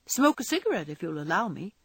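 A woman voicing a lazy, playfully evasive young gentleman in a storybook reading. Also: lowish voice, big pitch swings, fairly quick, slightly rough, no echo, exaggerated voice. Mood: teasing. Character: young man, teasing idle gentleman.

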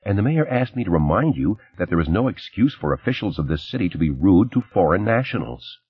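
A man voicing a brisk, guarded woman in her thirties who works as a press secretary. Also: sits low, sing-song, slightly rough, full character voice. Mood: guarded urgent. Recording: slightly dull, dry recording.

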